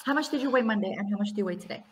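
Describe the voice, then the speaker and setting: Relaxed woman tutoring on a video call. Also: medium pitch, very fast, a little hiss or hum. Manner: relaxed, laughs easily, asks short questions. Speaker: English tutor. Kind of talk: casual chat in an online lesson.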